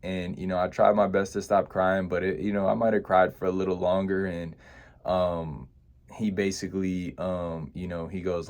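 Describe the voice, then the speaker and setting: A young man with a deep, low voice shares a personal story from his past. He talks in a reflective, unhurried way and leans on "you know" and small restarts as he recalls it. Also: fairly even intonation, darkish tone. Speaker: vlogger.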